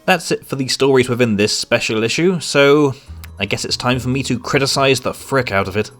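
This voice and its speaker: A man's voice: medium pitch, a little fast, fairly bright tone, soft background music. A man delivering a scripted, sarcastic and exasperated review of a comic.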